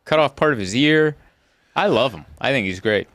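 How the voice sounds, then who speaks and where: A man in his thirties hosts a relaxed podcast conversation. He tells stories in an animated way, laughing often as he goes. His voice sits mid-range and sounds dry and close, with no room around it. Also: mid-range voice, normal speed, no room sound. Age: 30s. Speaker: podcast host. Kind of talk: casual chat.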